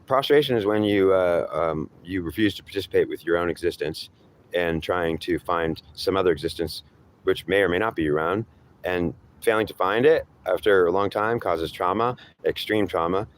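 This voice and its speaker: A man's voice: sits low, moderate pace, a little hiss or hum. A man delivering an improvised spoken monologue, rambling and philosophizing, often repeating himself as he goes. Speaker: storyteller.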